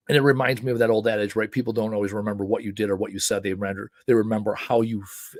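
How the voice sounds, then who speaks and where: Man, forty, chatty live-show host, medium pitch, dry close-miked sound. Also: no room sound. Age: 40s. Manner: conversational, many fillers and rhetorical "right?". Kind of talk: casual live-show monologue.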